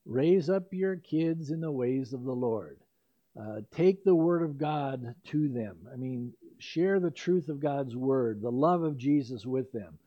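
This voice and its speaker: An older man, a pastor, delivers an expository sermon in an expressive, medium-pitched voice at a measured pace. He keeps it conversational, adding asides and correcting himself. The recording is dull and lo-fi.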